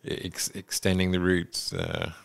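Deep-voiced relaxed man chatting. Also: slow pace, gravelly. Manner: relaxed, many backchannel agreements. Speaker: podcast co-host. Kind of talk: casual chat.

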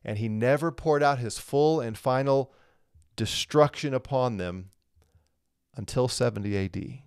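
A man leads a live-streamed Bible lesson in an easygoing, conversational way, reading viewer comments and answering them as he goes. His voice sits at an ordinary middle pitch. The sound is dry and close, with no room echo. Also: unhurried, a little mellow, clean tone. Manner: conversational, reads comments aloud, chuckles. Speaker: Bible teacher.

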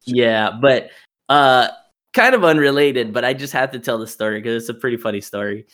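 A man's voice: mid-range voice, lively intonation, fairly quick, a bit bright, poor audio. A young man hosting a casual podcast over a voice call, telling a story with plenty of laughter and swearing. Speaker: podcast host. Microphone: remote call mic.

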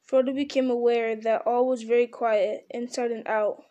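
Woman narrating a storybook, mellow. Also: a little high, flat delivery, normal speed, lo-fi sound. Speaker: audiobook narrator.

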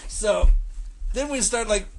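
A man co-hosting a casual podcast, telling stories in an animated way, acting out quotes and often laughing. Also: high-pitched, takes it slowly, gravelly, over music, rough recording. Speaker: podcast co-host. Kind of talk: casual storytelling chat.

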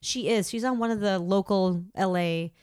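A woman's voice: medium pitch, moderate pace, darkish tone, clean tone, no room sound, clean studio sound. A woman in her thirties, an actor, chatting casually and self-deprecatingly, with lots of "like" fillers. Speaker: actor and podcast guest. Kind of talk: casual chat.

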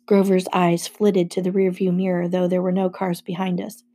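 A woman narrating a first-person audiobook chapter in a steady storytelling manner. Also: on the low side, normal speed.

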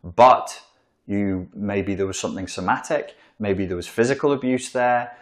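Speaking at normal speed in a lowish voice, a man delivers a loose psychology lecture while writing on a board. He's blunt and foul-mouthed, and he impersonates the voices in his quotes.

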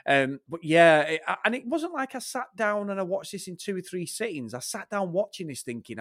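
A man's voice: high-pitched, big pitch swings, moderate pace, no room sound, studio quality. A man with a Northern English accent, co-hosting a podcast and bluntly ranting about a film in casual, sweary chat. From Northern England. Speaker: podcast co-host.

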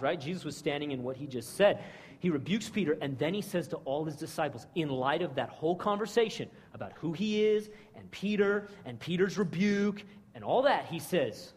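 Husky, animated preacher in a reverberant hall. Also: male voice, on the high side, moderate pace. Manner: animated, slangy, keeps asking "right?". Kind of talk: casual conversational sermon.

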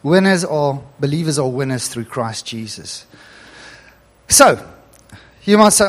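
A middle-aged man preaching a sermon in a church hall, animated and chuckling as he reads scripture aloud. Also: mid-range voice, measured pace, pauses often. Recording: long hall reverb.

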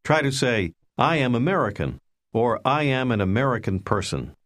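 A man narrating a language lesson in scripted instructional style, calmly prompting the listener to repeat. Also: mid-range voice, moderate pace. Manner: calm, patient, prompting the listener.

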